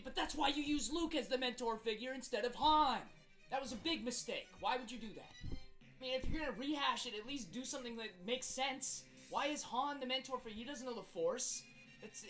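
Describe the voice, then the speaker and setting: The creator's voice is high-pitched, pushed and bright as he plays his own exaggerated angry self, a hot-tempered young man in a comic rant. He sounds exasperated and leans on rhetorical questions, all on a rough recording.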